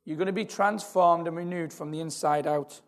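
Male preacher, slightly high gravelly voice, earnest and building, church reverb. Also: fairly even intonation, moderate pace. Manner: earnest, repetitive, building in intensity. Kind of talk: sermon. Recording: long hall reverb.

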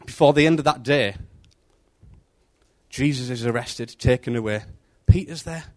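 A man's voice: medium pitch, moderate pace. A man giving an informal devotional talk in a conversational, storytelling manner. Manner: conversational, animated, acts out story voices. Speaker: preacher.

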